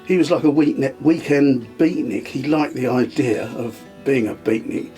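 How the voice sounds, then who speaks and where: An older man, reminiscing in conversation, telling anecdotes with frequent chuckles and halting fillers. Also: mid-range voice, over music. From England. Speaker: guest, storyteller.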